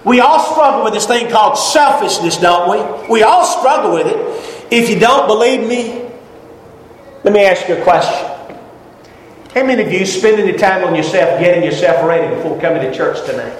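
A high-voiced preacher in his fifties delivers a folksy, emphatic sermon, his voice climbing on each exclamation. He is heard in a roomy church sanctuary with long reverb and faint room ambience. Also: expressive, moderate pace, slight background noise. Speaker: pastor.

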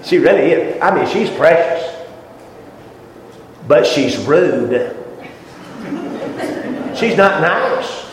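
A high-voiced preacher in his fifties delivers a folksy, emphatic sermon, his voice climbing on each exclamation. He is heard in a roomy church sanctuary with long reverb and faint room ambience. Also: expressive, very slow, long pauses, slight background noise. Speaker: pastor.

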